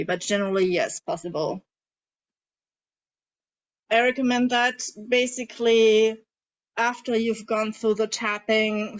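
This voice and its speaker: A woman coach guiding a group tapping session in a calm way, asking the group questions as she leads them. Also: fairly high pitch. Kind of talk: guided coaching instruction. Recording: dull lo-fi audio.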